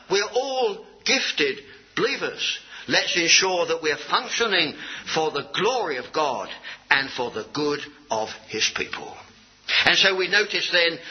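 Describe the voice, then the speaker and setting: A man preaching a sermon to a congregation, reading verses aloud, lifting his voice on key words and dropping low at the ends of phrases. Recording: dull, lo-fi recording.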